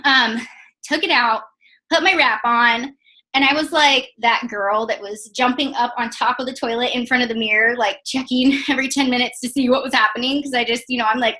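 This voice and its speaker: A woman's voice: on the high side, fairly even intonation, fairly quick, pushed and bright, rough recording. A young woman telling her personal story in a casual testimonial, chatty and full of "like" and "um". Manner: chatty, many fillers like "like" and "um". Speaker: network marketing distributor.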